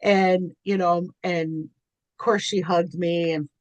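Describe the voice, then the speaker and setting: A woman's voice: on the low side, fairly even intonation, takes it slowly, darkish tone, no echo, highs cut off. A middle-aged woman, a podcast guest, telling candid personal stories in an earnest, chatty way, often restarting her sentences.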